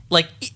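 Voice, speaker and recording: A man co-hosting a casual group chat, talking excitedly and urging listeners. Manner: excitable, pleading. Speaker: co-host.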